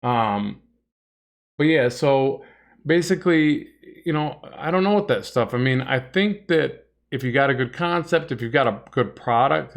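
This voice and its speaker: A man's voice: medium pitch, a bit bright. A middle-aged man hosting a casual comic art livestream, rambling and chatty as he draws and reads viewer comments. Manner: rambling and chatty, many fillers and restarts, reads chat aloud.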